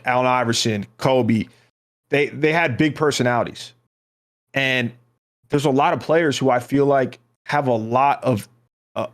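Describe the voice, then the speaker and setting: Rambling, easygoing podcast host man. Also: medium pitch. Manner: rambling, hesitant, full of restarts. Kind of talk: casual podcast chat.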